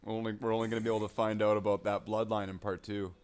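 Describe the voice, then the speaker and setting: A man's voice: fairly low pitch, little pitch movement, rapid-fire, darkish tone, clean tone. A man chatting on a stream, making dry joking asides. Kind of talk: casual chat.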